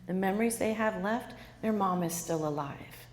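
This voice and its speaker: A woman's voice: mid-range voice, moderate pace, in a large hall, slight background noise. A woman author giving an interactive talk to a live audience, quizzing the listeners and repeating their answers back. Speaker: author and speaker.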